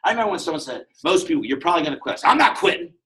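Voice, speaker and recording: A motivational speaker with a high, lifted voice gives a lively sales talk to a roomful of people, racing along in a rough recording. Animated and constantly joking, he acts out short exchanges between characters as his tone bounces around freely.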